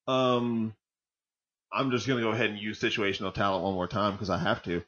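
A man co-hosts a football podcast, joking casually, swearing freely and rambling between points. He's a football fan with a fairly low, fairly bright voice, brisk pace and fairly even intonation. The audio is dull and lo-fi.

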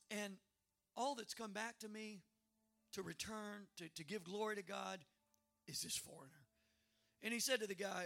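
A man preaching a sermon as pastor, emphatic, repeating words and rising to loud exclamations. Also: high-pitched, moderate pace, vocal fry.

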